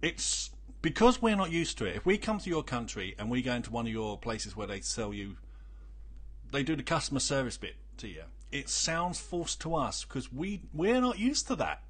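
A British man bantering on air, teasing and dry, often laughing between lines. His voice moves a lot in pitch. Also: big pitch swings, normal speed, slightly rough. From Britain. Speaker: radio co-host.

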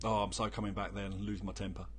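A man's voice: on the low side, flat delivery, fast, a crowd in the background. A man with a British accent co-hosting a radio show, joking and teasing in casual banter. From Britain. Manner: teasing, dry, laughs between lines. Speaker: radio co-host.

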